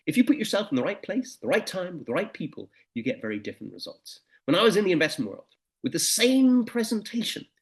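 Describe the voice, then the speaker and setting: A middle-aged man giving a motivational presentation, telling anecdotes and stories. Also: on the high side. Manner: anecdotal, animated storytelling. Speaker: motivational speaker.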